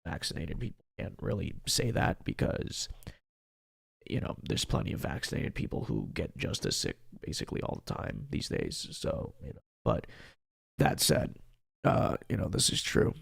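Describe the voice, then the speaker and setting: A man putting on a breathy, hushed voice in a whispered role-play, sparing his strained throat. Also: sits low, wildly swooping pitch, normal speed, dry recording, studio quality, voice pushed down, exaggerated voice. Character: man doing a hushed ASMR voice.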